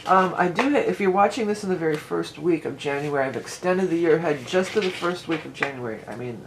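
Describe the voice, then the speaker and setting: A woman reading tarot cards to camera in a casual, rambling way. She often restarts her sentences and reads card verses aloud slowly. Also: fairly low pitch, background noise. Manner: chatty and rambling, with frequent restarts and "you know".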